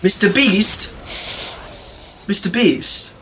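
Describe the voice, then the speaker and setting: A man's voice: sits high, animated, extremely slow, pushed and bright, a little hiss or hum. A young man joking around on a casual podcast with mock-dramatic warnings. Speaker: podcast co-host. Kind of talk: casual chat.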